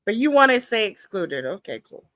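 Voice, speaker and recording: A woman's voice: mid-range voice, very animated, brisk, a bit bright, no room sound. A woman commentating live on a trial, skeptical and talking back to the lawyer. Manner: skeptical, talks back to the proceedings.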